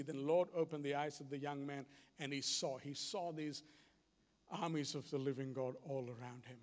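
A man's voice: on the high side, moderate pace. A man preaching a sermon, telling stories with animation and acting out dialogue. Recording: long hall reverb.

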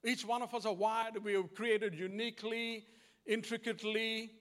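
Kiwi guy preaching, fairly high voice, earnest and repeats himself, echoey hall sound. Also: steady tone, moderate pace, fairly bright tone. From New Zealand. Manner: earnest, repetitive, plain-spoken. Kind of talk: conversational sermon. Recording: long hall reverb.

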